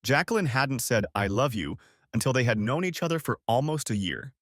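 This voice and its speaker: A man narrating an audiobook story in an expressive way. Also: mid-range voice, fairly quick, no echo, clean studio sound.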